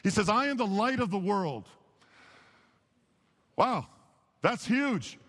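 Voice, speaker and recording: Male pastor, fairly high voice, sermon delivery that moves from hushed to emphatic, long church reverb. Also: expressive, takes it slowly. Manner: impassioned, swings from hushed to emphatic. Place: church sanctuary.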